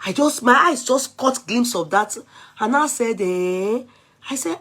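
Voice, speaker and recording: A woman's voice: on the high side, animated, a little slow, a bit bright, slight background noise. A woman from Nigeria with a Nigerian English accent, chatting casually on her vlog and mixing in Yoruba and pidgin. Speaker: vlogger. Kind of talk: casual chat.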